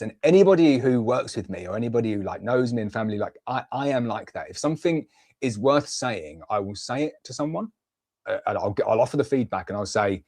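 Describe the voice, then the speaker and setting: A man's voice: mid-range voice, a little mellow. A man from the UK in his thirties, hosting a beekeeping livestream in a rambling, heartfelt way full of fillers and restarts. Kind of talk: casual livestream chat.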